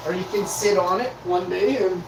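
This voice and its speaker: A man's voice: high-pitched, moderate pace, vocal fry. A man in his forties giving a confrontational, profane monologue as a vlog host, firing off rhetorical questions. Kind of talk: ranting monologue. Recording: roomy echo, faint noise.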